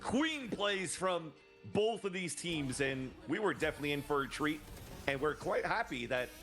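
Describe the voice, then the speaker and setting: A man casting esports, energetic and shouting at big plays, his voice hoarse and wearing out. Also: on the high side, moderate pace, soft background music. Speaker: esports caster. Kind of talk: play-by-play commentary and desk talk.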